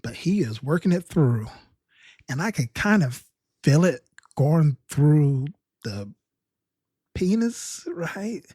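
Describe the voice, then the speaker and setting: A man's voice: a little high, very animated, slow, long pauses, dark tone, husky, no echo, clean studio sound. A man telling a rambling, self-mocking comic story about his own experience. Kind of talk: humorous personal storytelling.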